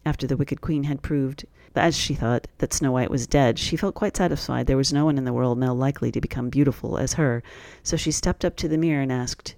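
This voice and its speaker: A man reading a classic fairy tale aloud in a steady, plain storytelling voice. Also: medium pitch, a little fast, vocal fry, no echo.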